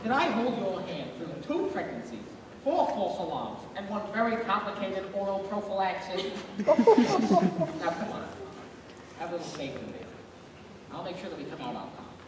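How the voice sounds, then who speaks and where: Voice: medium pitch, big pitch swings, moderate pace, long pauses, close to an everyday voice. A student playing a grumbling old husband, echoey stage. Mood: reassuring. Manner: bickering, blustery, sarcastic. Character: grumbling older married man, caterer, bossy. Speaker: student actor. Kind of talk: stage play performance. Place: school auditorium stage. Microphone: distant stage pickup. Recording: echoey hall from far off, noisy.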